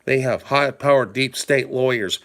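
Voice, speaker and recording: A man's voice: mid-range voice, normal speed, fairly bright tone. Emphatic man ranting to his viewers. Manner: emphatic, rambling, asks the audience rhetorical questions; addresses viewers directly and informally. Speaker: political commentary vlogger. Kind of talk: casual talking-head commentary.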